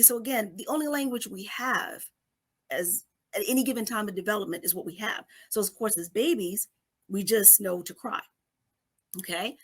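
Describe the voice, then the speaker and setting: Speaking at a moderate pace, this middle-aged woman has a medium-pitched, slightly rough voice. On her podcast she walks through a psychology topic in a chatty way, frequently asking "okay?" and performing small scenes in which she voices babies and parents.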